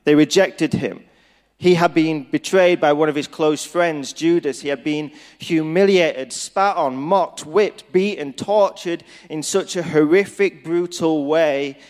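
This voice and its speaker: A man preaching a Good Friday sermon as pastor, slow and earnest. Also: fairly high pitch, a little mellow. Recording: reverberant hall.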